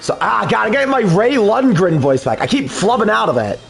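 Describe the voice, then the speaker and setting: A chatty host breaks off from voicing figures to talk casually, his pitch a bit raised and lively. He sounds loose and self-mocking in his asides, with soft music in the background. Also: normal speed, gravelly. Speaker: voice actor and host. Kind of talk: casual commentary.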